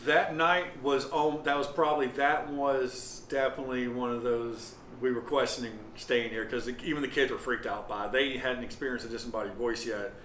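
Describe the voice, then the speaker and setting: A man, recounting his experiences as owner of an old lodge in a halting, rambling way with lots of fillers. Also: medium pitch, fairly even intonation, fairly bright tone. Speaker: property owner and paranormal investigator. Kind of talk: casual storytelling interview. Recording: roomy with faint noise.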